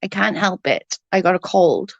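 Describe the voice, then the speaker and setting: A woman talks casually on a livestream, answering viewers and venting bluntly, with some swearing. Her voice is husky and hoarse from a cold, with a gravelly, creaky edge. She is recorded close up in a dry, dead-sounding space. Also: lowish voice, animated, moderate pace, dry recording, highs cut off. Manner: blunt, swears freely, vents about double standards. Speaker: livestream host. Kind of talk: casual live chat reading comments.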